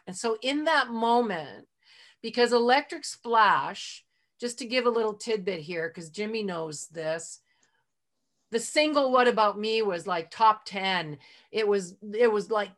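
A woman's voice: mid-range voice, expressive, measured pace, a bit bright. A middle-aged woman, a guest on a podcast, telling stories from her career in a chatty, heartfelt way, full of "like" and "you know". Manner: heartfelt, openly emotional. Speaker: interview guest. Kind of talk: casual storytelling in a podcast interview.

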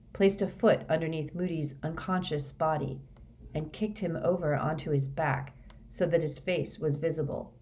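A woman reading a story aloud as narrator, in a steady, measured way. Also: low voice. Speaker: audiobook reader.

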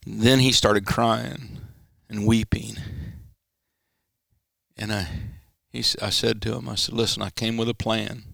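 A man, a pastor, telling a personal story in an interview and acting out the quoted dialogue with sudden pitch jumps. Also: flat delivery, a little slow, gravelly, fairly bright tone, dry recording, clean studio sound. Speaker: pastor, guest. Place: church studio.

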